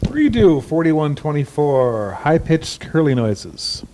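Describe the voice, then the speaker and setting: A man's voice: on the high side, sing-song, slow pace, warm tone, slight background noise, low-quality recording. A man with a slightly raised voice reads cue numbers plainly in a studio. He sounds matter-of-fact between takes. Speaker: voice actor. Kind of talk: dialogue redo session.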